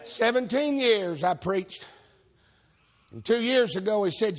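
A man preaching, folksy and shouting, calling on the congregation for amens. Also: sits high, expressive, slow, long pauses. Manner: folksy, shouting, calls for amen. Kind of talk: fiery preaching with stories. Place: church service.

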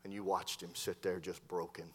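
A man preaching a sermon as a Baptist preacher, telling stories with lively voiced dialogue. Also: low voice, moderate pace. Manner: storytelling preacher, animated voices in quoted dialogue. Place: church hall. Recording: long hall reverb from a church sanctuary.

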